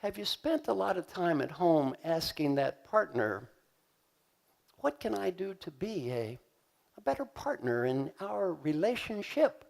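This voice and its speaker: A man giving a live leadership seminar in a large conference hall, energetic and joking as he leads the audience in call-and-response. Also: sits high, measured pace, gravelly. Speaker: leadership coach and keynote speaker. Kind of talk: live motivational seminar talk.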